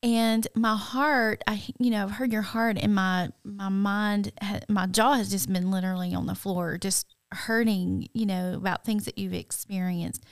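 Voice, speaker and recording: A middle-aged woman hosting a podcast interview, asking earnest, halting questions full of restarts. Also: mid-range voice, fairly even intonation, clean tone, no room sound, clean studio sound. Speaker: podcast host. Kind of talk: interview conversation.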